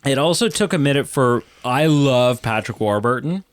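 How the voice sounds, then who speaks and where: A man co-hosting a casual podcast chat, chatty and self-deprecating, talking through rapid runs. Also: medium pitch, expressive, smooth, no room sound. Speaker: podcast co-host.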